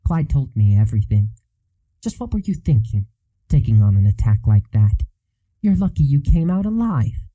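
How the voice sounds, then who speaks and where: Caring woman school nurse, gently scolding, warm and soft-toned, a man reads her lines, for an audiobook. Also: medium pitch, animated, moderate pace, highs cut off, lightly acted. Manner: gently chiding, then reassuring.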